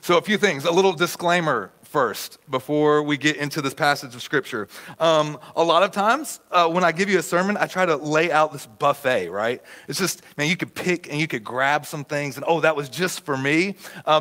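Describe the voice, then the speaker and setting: A man pastor giving a conversational sermon in a church, telling stories with sudden bursts of shouting. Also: a little high, expressive, normal speed. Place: church auditorium.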